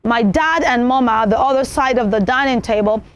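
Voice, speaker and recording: A woman presenting a children's television show, teaching manners in an animated way and acting out examples. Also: a little high, normal speed, smooth. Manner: animated, repeats points, acts out examples.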